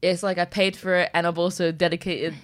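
Young woman, podcast co-host, blunt, swears freely, smooth voice, dry close sound. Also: lowish voice, flat delivery, a little fast, no room sound. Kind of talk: casual chat.

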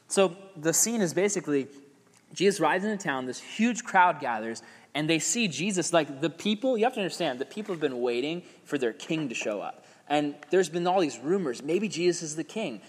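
A man's voice: a little high, lively intonation, brisk, a bit bright. Laid-back young man preaching in a hall. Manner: laid-back, slangy, says "like" often, acts out crowd voices. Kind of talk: casual sermon to a youth group.

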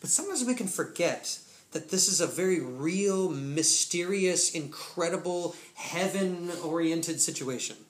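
A man preaching a testimony sermon to a congregation, telling the story in casual, slangy speech with bursts of excitement. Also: a little high, measured pace. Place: church room. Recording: echoey room, faint noise.

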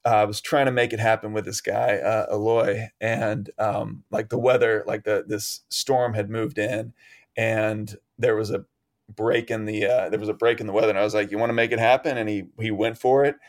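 A man's voice: on the low side, normal speed. Laughing, rambling male storyteller. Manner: rambling, animated, laughs often. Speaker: guest. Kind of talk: casual storytelling interview.

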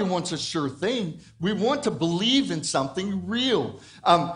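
A man's voice: on the high side, very animated, normal speed, few pauses. A man preaching a sermon in a conversational way. He puts questions to the congregation and often restarts or repeats words. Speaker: pastor.

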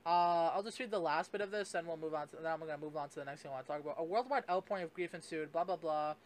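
A young Canadian man hosts a solo podcast, his voice high and racing with a faint hiss or hum in the background. He rambles through a casual rant, swearing freely, restarting sentences, and leaning on fillers as he works things out.

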